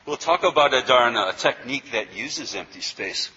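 A man teaches a yoga philosophy class briskly, his medium-pitched voice sharp in tone with lively intonation, though the audio is dull. He lectures conversationally, repeats words, and often asks "okay?"

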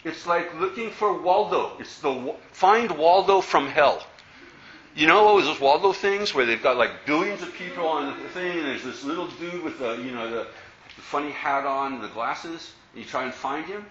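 A man's voice: fairly high pitch, animated, moderate pace, fairly bright tone, a little hiss or hum. A man teaching as a Buddhist teacher, giving a playful dharma talk to an audience and asking many rhetorical questions. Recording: roomy, slightly dull recording.

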